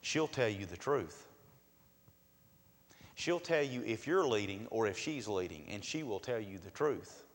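A man's voice: lowish voice, sing-song, measured pace. A male pastor delivering a sermon, asking rhetorical questions and acting out quotes in a raised voice. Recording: long hall reverb.

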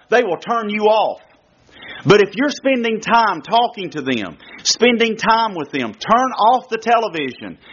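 Emphatic preacher man, lively delivery. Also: slightly rough. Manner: emphatic, repetitive, swings pitch to act out quotes. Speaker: pastor. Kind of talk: sermon on parenting. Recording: dull lo-fi sound.

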